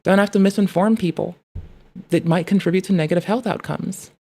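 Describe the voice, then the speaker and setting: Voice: mid-range voice, fairly quick. A young adult streamer ranting in casual chat, swearing often and rambling about pet training. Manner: profane, rambling, animated.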